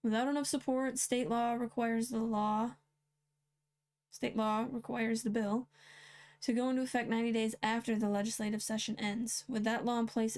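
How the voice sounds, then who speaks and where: Blunt woman with a fairly high voice. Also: darkish tone. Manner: blunt, sarcastic asides. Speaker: host. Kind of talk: reading and commenting on news headlines.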